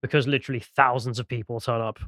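A man co-hosting a political podcast, presenting a news item in a quick, sardonic way and reading out posts with asides. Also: medium pitch, fairly even intonation, fairly bright tone, dry recording, studio quality. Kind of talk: casual political podcast chat.

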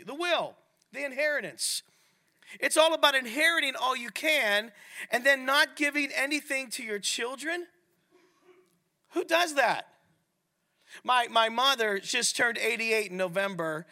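A middle-aged man preaching a sermon at a men's ministry, animated and often asking the audience questions. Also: high-pitched. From Italian heritage. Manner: animated, asks the crowd questions.

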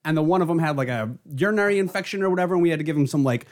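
A man rambles quickly through an anecdote in a casual chat. His voice sits a little high and he swears casually. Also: lively intonation.

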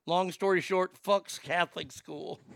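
A man's voice: sits high, fairly even intonation, takes it slowly, gravelly, fairly bright tone. A man hosting a comedic talk show, ranting in a profane, sarcastic way into a close studio mic. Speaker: host.

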